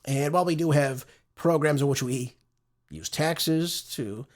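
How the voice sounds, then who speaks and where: A man's voice: on the high side, measured pace. A man hosting a political talk show, delivering opinionated, conversational commentary and often tagging his points with "right?".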